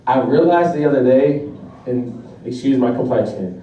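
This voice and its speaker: A man's voice: mid-range voice, lively intonation, moderate pace, dull audio. A young man performing a profane, laughing stand-up comedy routine. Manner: brash, profane, laughing through jokes. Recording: echoey room from far off.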